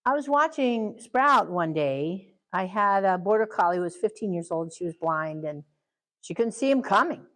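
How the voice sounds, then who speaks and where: A middle-aged woman gives a parenting training talk in a lively, animated way. She slips into quick acted asides as children and parents, then carries on teaching. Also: mid-range voice, rough recording.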